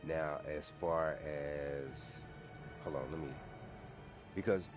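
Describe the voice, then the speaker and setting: A man's voice: extremely low pitch, steady tone, takes it slowly, over music. A man talking casually on his own channel, rambling with restarts and self-corrections as he goes. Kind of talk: casual solo commentary.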